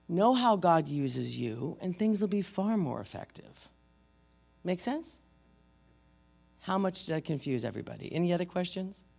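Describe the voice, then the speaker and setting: A church trainer teaching spiritual warfare through stories, animated and joking at their own expense. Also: mid-range voice, gravelly. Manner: animated, acts out loud quoted voices.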